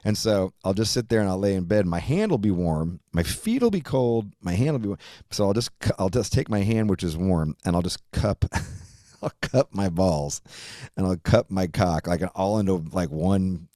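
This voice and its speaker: Podcast host, man in his 50s, low voice, dry close sound, profane, rambling, laughs a lot. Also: expressive, normal speed, dark tone, no room sound. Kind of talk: casual storytelling chat.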